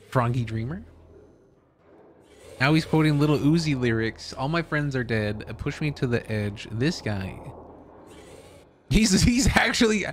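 A man's voice: mid-range voice, slight background noise. A young man streaming a game live, chatting, swearing a lot and yelping when startled. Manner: excitable, swears a lot, yelps in fright. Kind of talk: live gaming commentary.

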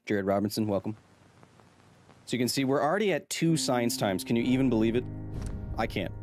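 Man in his thirties, game streamer, playful and jokey, mid-pitched voice, faint music behind. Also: expressive, brisk. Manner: playful, jokey, reads chat aloud. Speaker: streamer, science communicator. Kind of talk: casual live-stream chat.

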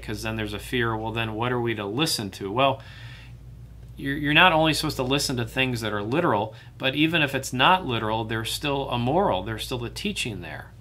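A man's voice: mid-range voice, bright, forceful tone. A man leading a church Bible study, talking in a loose, conversational way with many fillers and restarts.

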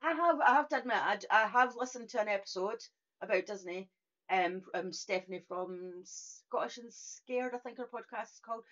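A woman's voice: medium pitch, normal speed, a bit bright. A woman co-hosting a podcast, chatting animatedly and stumbling over her words now and then. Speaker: podcast co-host. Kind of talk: casual chat. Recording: dull lo-fi podcast audio.

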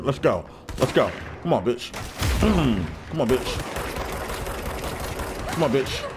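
A man's voice: medium pitch, sing-song, slow pace, long pauses, heavy background noise. A man doing casual gameplay commentary, trash-talking and slangy, swinging from hyped to frustrated. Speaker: gaming YouTuber.

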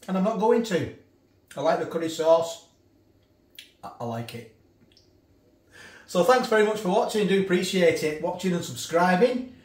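A man's voice: high voice, a little fast, a little mellow. A man casually reviewing food for his vlog, chatty, often restarting and eating while he talks. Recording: echoey room from a distance.

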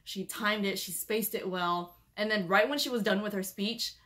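Young female vlogger, everyday conversational delivery, rambly with fillers, mid-range pitch. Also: moderate pace, a bit bright. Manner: chatty, rambling with many "like" and "um" fillers, giving cautionary advice. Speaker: travel vlogger. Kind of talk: casual chat.

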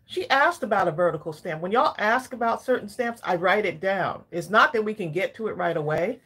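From her home craft room, a craft channel host chats with her live-stream viewers and calls them y'all, sounding slightly winded. Her mid-range voice is husky and a bit bright, with lively intonation and a brisk pace.

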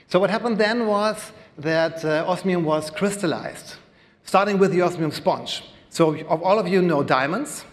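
A man with a German accent speaks from a stage, his voice pitched a little high for a man and carried by the long reverb of a big hall. He explains things plainly and slowly, stopping often on fillers, like a presenter talking to a live audience. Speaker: presenter at a conference. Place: large hall before an audience.

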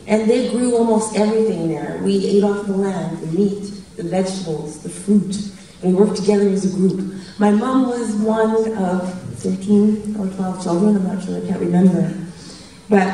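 A Canadian woman in her fifties tells chatty anecdotes as a guest speaker in a large event hall, laughing at her own jokes. Her voice is medium-pitched and warm, and the distant mic makes the hall sound very echoey.

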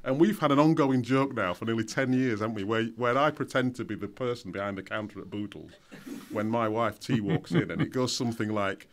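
A man's voice: medium pitch, fairly quick. A middle-aged man guest-hosting a radio show in the studio, chatting casually, laughing often and trailing off into fillers.

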